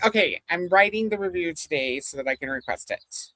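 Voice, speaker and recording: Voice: mid-range voice, moderate pace, bright, forceful tone, no room sound. A livestream host chatting casually with viewers, rambling, laughing often and reading comments aloud. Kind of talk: casual chat with live viewers.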